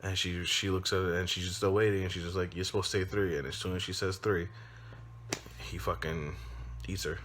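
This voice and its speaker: Low-voiced man rambling through a movie recap. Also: flat delivery, fairly quick, a bit bright. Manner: loose and rambling, many ums and restarts. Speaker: father; movie reviewer. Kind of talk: casual spoken movie recap.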